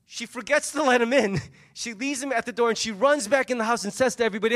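A man preaching a sermon, telling the story with lively energy and acting out the voices of its people. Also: very high-pitched, fairly quick. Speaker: pastor.

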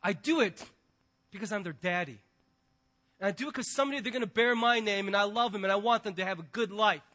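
A middle-aged man, a pastor, preaching a sermon and telling stories with animated quoted voices. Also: sits high, brisk.

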